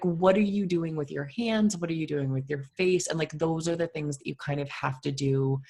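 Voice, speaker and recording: A woman co-hosting a podcast, with a deep, soothing voice and an animated, expressive way of talking full of fillers. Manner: animated and expressive, filler-heavy, laughs often. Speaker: podcast co-host. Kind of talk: casual conversational interview.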